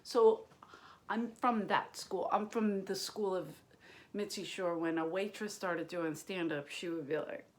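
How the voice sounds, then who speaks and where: A woman's voice: on the low side, fairly even intonation, a little slow. Woman stand-up comic, casual question-and-answer chat, rambling, bawdy, lots of ums, drops into whispered asides, home kitchen. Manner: rambling and crude, with many fillers and whispered asides. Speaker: stand-up comedian.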